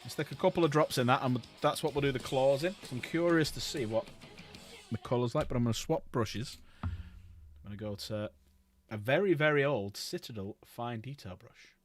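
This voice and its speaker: A man chatting casually while painting miniatures on a livestream, chatty and quick to laugh. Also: faint music behind. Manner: chatty, laughs often, jumps in pitch when excited. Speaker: streamer and hobby painter.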